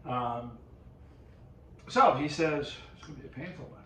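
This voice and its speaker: A man at an everyday middle pitch tells a rambling story to his camera, often breaking off and restarting. The room around him is echoey, with a faint hum of background ambience. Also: normal speed, a bit bright. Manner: rambling, self-interrupting storyteller. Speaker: video host.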